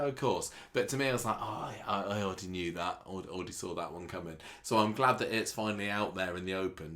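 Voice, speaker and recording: A man's voice: sits low, fairly bright tone. A man co-hosting a podcast, talking through plot twists at length in a chatty, thoughtful way. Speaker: podcast co-host. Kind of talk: casual recap chat.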